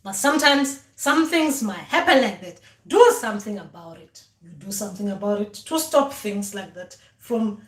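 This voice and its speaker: A woman's voice: medium pitch, animated, normal speed, few pauses. Female spiritual teacher, casual talk to camera, repeats herself and voices the ancestors; roomy echo on the recording. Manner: repetitive, voices ancestors speaking.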